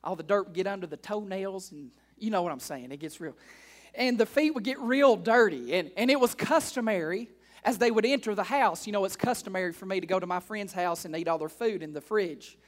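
A male pastor preaching a sermon to his congregation in church, repeating key lines, firing off rhetorical questions and dropping into casual asides, swinging between hushed and loud emphatic delivery. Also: high-pitched, a little fast.

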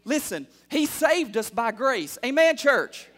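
A man in his thirties preaching a sermon as pastor, calling out for amens and building from quiet asides to fervent shouts. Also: extremely high pitch, sing-song, slow. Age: 30s. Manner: call-and-response preaching, building to loud fervor.

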